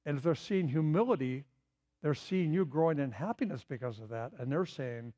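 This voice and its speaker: A man's voice: a little high, lively intonation, normal speed, mellow. A middle-aged man preaching a sermon in an earnest, emphatic way, driving points home through repetition. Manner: earnest, emphatic, repeats key phrases.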